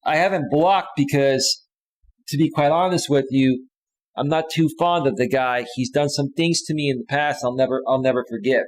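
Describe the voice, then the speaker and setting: A man's voice: medium pitch, steady tone, moderate pace, poor audio. A man hosting a live stream, reading viewer comments aloud and answering them bluntly and dismissively. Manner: blunt and dismissive, with frequent restarts.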